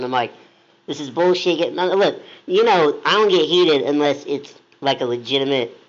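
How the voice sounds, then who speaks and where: Animated man telling a story. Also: fairly high pitch. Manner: animated, acts out quoted voices. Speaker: blog co-host. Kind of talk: casual storytelling chat. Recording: dull lo-fi sound.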